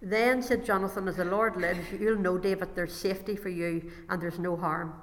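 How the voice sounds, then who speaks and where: A woman's voice: lowish voice, steady tone, normal speed, vocal fry. Woman preaching in an echoing hall. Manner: reads scripture aloud and breaks off to explain it. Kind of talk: sermon with Bible reading.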